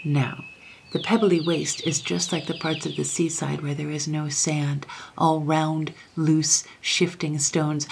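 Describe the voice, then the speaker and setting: Low, gravelly woman reading a storybook. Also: slight background noise. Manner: soft, often half-whispered. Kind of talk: reading a classic children's story aloud.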